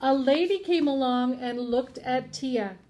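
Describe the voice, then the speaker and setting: A high-voiced woman teacher reads a picture book to children a little slowly, with slight noise in the background. Expressive throughout, she gives the characters their own voices and asks her audience questions.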